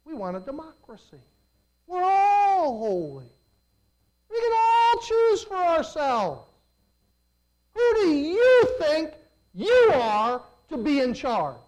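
A preacher voicing indignant rebel Israelite leaders in a high, shrill, accusing way during sermon storytelling. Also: very animated, a little slow, poor audio.

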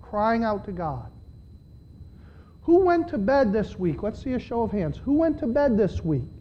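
A man preaching a sermon to his church, swinging between loud, pleading passages and quiet asides. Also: sits high, big pitch swings, measured pace. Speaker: pastor. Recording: dull lo-fi sermon recording.

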